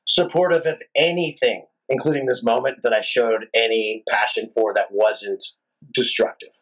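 A rock singer guest telling a long, animated, profane story in a casual interview. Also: male voice, medium pitch, normal speed, husky, poor audio. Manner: animated, profane, rambling anecdotes.

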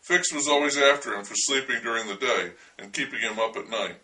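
Male storyteller, wry and dryly humorous, bright tone, set back from the mic. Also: medium pitch, brisk, distant mic, low-quality recording. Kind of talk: storytelling memoir narration.

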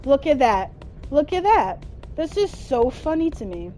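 A woman's voice: sits high, big pitch swings, measured pace, dark tone, slight background noise. A woman giving frustrated gameplay commentary, cursing at the game nonstop. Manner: constant angry cursing at the game. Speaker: gamer.

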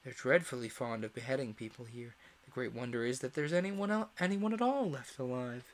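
A man's voice: mid-range voice, brisk, lightly acted. A man voicing a polite but firm young girl who speaks decidedly. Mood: earnest. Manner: decided, slightly raised voice.

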